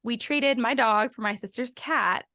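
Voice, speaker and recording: A woman's voice: fairly high pitch, unhurried, pushed and bright, no echo. A woman co-hosting a podcast in casual chat, telling a story and acting out her own reactions. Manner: chatty storyteller who acts out her own quoted reactions. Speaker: podcast co-host.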